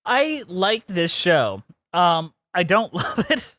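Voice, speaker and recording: A man co-hosting a podcast, chatting casually and giving firm opinions, laughing often and slipping into quick voice impressions. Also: sits high, very animated, pushed and bright, no room sound, studio quality. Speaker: podcast co-host. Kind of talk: casual chat.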